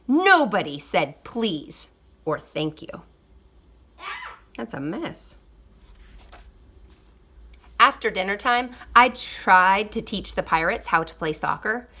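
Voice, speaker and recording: A woman reading a children's picture book aloud, expressive, with quiet asides. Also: medium pitch. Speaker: storybook reader. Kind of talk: storybook read-aloud.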